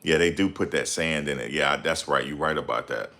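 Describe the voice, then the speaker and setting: A man hosting a casual livestream, reading viewer comments and ranting heatedly with loud outbursts and repeated phrases. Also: a bass voice, fairly quick. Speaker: livestream host.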